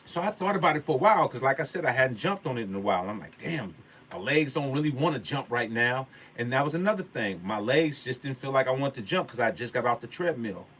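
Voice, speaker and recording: A man vlogs a motivational story in a casual, slangy style, his medium-pitched voice quick, lively, fairly bright and slightly rough. Like a sermon, he hammers home his key points emphatically and repeats them.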